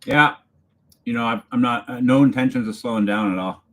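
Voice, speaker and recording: A man from Canada hosting a casual livestream, chatting with viewers and reading their comments aloud in a relaxed way, chuckling as he goes. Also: medium pitch, a little fast. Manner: laid-back, chuckling, talks to viewers by name. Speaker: channel host reading live chat. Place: home, alone for the evening.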